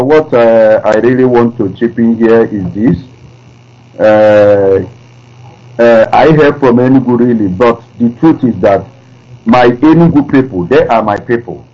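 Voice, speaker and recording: Man from Nigeria, radio caller, earnest, hesitant, lo-fi call line. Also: mid-range voice. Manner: earnest, hesitant with many uh fillers. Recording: dull lo-fi internet call line.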